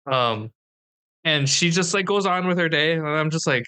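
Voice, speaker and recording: A man's voice: fairly high pitch, animated, normal speed, bright, forceful tone, clear, resonant tone. A man from Minnesota with a Minnesotan accent, co-hosting a podcast in playful, jokey casual chat. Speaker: podcast co-host.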